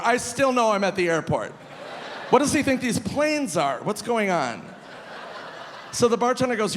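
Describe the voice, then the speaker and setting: A male stand-up comedian performing live on stage, animated and shouting his punchlines high. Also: moderate pace, slight background noise. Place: large live comedy venue. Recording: live hall with long reverb, faint crowd ambience.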